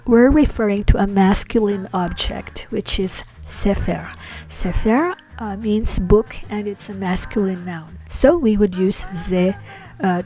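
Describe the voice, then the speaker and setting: A woman's voice: medium pitch, warm tone. A woman teaching a Hebrew lesson, patiently explaining grammar step by step with many small fillers. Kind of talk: explaining slides in a language lesson.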